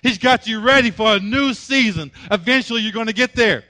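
A male pastor delivers a sermon, driving home his points through emphatic repetition. His voice sits high and comes out forceful and bright. The recording is dry and close. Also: a little fast, dry recording.

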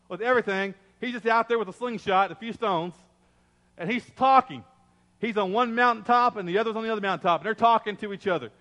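High-voiced man preaching in an echoey hall. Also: sharp tone. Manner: emphatic, dramatic storytelling with repetition. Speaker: pastor. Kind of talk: sermon.

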